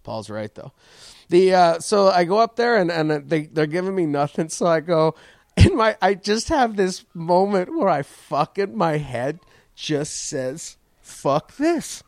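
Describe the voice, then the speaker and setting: A man's voice: high-pitched, measured pace, gravelly, no room sound, clean studio sound. A man hosting his podcast, telling a profane, self-mocking story about a stand-up gig. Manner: animated, swearing, self-mocking. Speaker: comedian podcast host.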